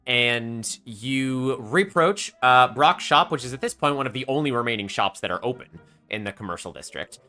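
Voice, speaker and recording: A man narrating a tabletop role-playing game as game master, with frequent pauses and fillers. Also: mid-range voice, lively intonation, sharp tone. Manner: rambling with fillers.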